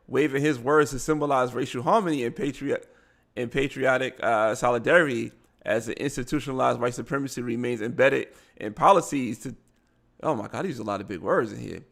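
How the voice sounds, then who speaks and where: A man's voice: mid-range voice, vocal fry, a bit bright. A man with a Baltimore accent, hosting a live show, reading news aloud with stumbles and blunt asides. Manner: reads articles aloud, stumbling over words and adding blunt asides.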